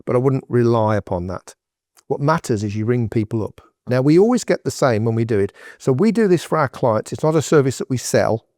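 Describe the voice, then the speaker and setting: Male podcast guest, mid-pitched, direct and emphatic delivery, dry studio sound. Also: lively intonation, a little fast, a little mellow, dry recording. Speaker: guest entrepreneur. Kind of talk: podcast interview, advice.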